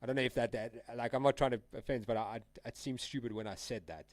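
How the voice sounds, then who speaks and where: His mid-range, darkish voice holds a steady tone while he talks at a quick pace. He's a young South African chatting casually on a live trading stream, rambling and slangy, relaxed, with frequent laughs. The recording has no echo.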